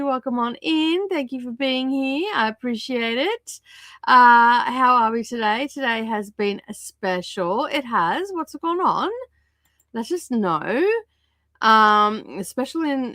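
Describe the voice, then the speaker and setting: Croaky-voiced woman hosting a stream. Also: on the high side, a bit bright, no echo, clean studio sound. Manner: chatty, greets each viewer by name. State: croaky, scratchy sore throat. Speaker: livestream host. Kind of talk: casual livestream chat reading out viewer comments.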